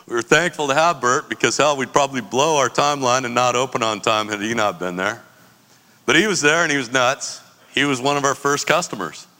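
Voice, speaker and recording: A man's voice: medium pitch, pushed and bright. A middle-aged man casually telling stories, laid-back and profane, laughing often and acting out other people's lines. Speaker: coffee business founder telling stories. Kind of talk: casual storytelling. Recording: long hall reverb.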